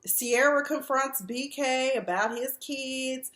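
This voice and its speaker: A woman's voice: high voice, takes it slowly, a bit bright. A woman in her forties giving blunt, candid, profane casual commentary on a reality TV show. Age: 40s. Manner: blunt, candid, profane, mimics the people she discusses. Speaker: reality TV recap vlogger. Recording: roomy echo.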